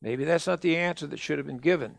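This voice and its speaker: An older man, a minister, delivering a sermon in an earnest, measured and emphatic way. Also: on the high side, vocal fry, no echo.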